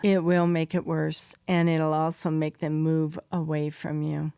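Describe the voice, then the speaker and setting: A woman's voice: low voice, flat delivery, unhurried, vocal fry, warm tone, clear, resonant tone, dry recording, studio quality. A woman podcast host and psychologist giving direct, practical advice, stressing her key points and checking in with "okay?". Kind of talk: advice monologue.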